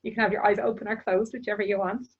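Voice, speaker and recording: A woman who teaches meditation, chatting and then leading a calm, soft-spoken guided meditation. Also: medium pitch, racing, slightly rough, narrow, tinny audio.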